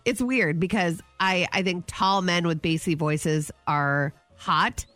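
A woman's voice: fairly low pitch, steady tone, slow, over music. A woman co-hosting a morning radio show, teasing callers and laughing often. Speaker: radio co-host.

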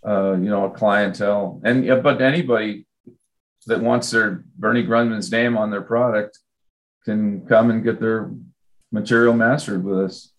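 A man's voice: on the low side, fairly even intonation, normal speed. A man appearing as a podcast guest, explaining his work in a conversational way. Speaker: podcast guest, mastering engineer. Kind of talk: casual chat.

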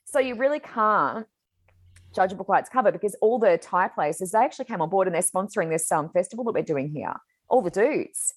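A woman hosts a casual chat in an energetic, chatty way, full of "like" and "oh my God." Her voice sits at a middle pitch. The recording is dry, with no room sound. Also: brisk, dry recording.

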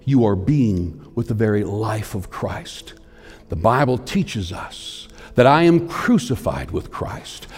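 Guy preaching a sermon in a big echoey hall, builds up with repeated lines then goes almost whisper quiet. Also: fairly low pitch, animated, slow pace, husky. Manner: swings between forceful emphasis and hushed near-whispers; repetitive, building preaching cadence. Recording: long hall reverb.

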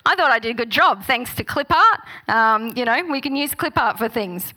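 A middle-aged woman preaching a sermon, telling personal stories and reading scripture slowly. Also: a little high, expressive. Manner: warm, personal storytelling with gentle laughs; slow, unhurried reading of scripture.

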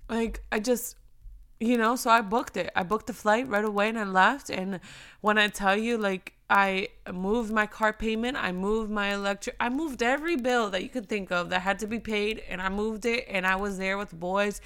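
Woman, young adult, gravelly voice, earnest faith talk, emotional. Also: mid-range voice, steady tone, moderate pace. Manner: earnest and emotional, shifts between whispers and loud emphasis. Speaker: faith speaker.

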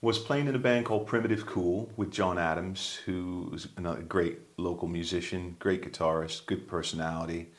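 A man's voice: low voice, steady tone, moderate pace, few pauses. A man, a musician, telling rambling anecdotes in casual chat, with plenty of ums. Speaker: musician guest.

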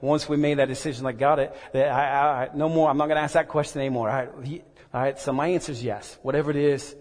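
A man preaching a sermon and telling a personal story, earnest and halting, often repeating words. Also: medium pitch, fairly even intonation, a little mellow. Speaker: pastor. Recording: echoey hall reverb.

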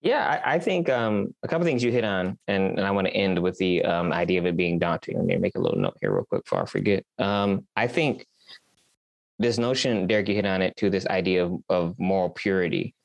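A man's voice: deep voice, lively intonation, brisk, vocal fry, no room sound. A man hosting a podcast discussion, talking earnestly and emphatically, often checking in with "right?". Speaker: podcast host. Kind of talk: conversational discussion.

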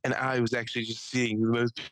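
A young man co-hosting a podcast, telling a story and acting out the people in it with lively voice changes. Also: medium pitch, brisk, dry recording, poor audio. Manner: animated, acts out quotes in shifting voices. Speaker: podcast co-host. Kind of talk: casual storytelling chat. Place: studio.

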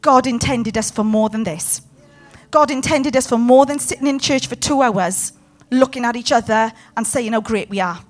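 A woman's voice: fairly high pitch, normal speed. A woman preaching a sermon with passion, putting questions to her congregation. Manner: impassioned, talks to the room with questions.

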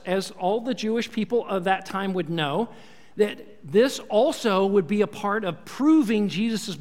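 A man preaching a sermon as a pastor, lively and acting out the people in the story. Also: sits high. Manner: animated, acts out quoted voices. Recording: long hall reverb.

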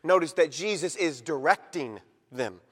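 High-pitched pastor preaching hard, loud then hushed, big echoey church hall. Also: male voice, expressive. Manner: emphatic preaching, swinging between loud and quiet, slowing for stress. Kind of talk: sermon. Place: church sanctuary. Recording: long reverb of a large hall.

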